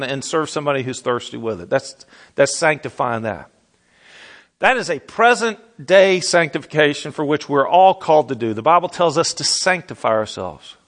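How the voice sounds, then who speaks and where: Folksy pastor preaching. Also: male voice, on the high side, fairly bright tone. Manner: conversational, folksy, slows down for emphasis. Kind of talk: sermon.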